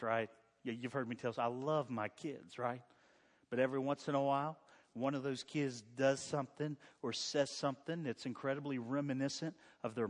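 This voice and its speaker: Pasteur au sermon dans une salle réverbérante. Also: male voice, a little high, long reverb tail. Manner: conversational, joking with the congregation. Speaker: pastor. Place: church sanctuary.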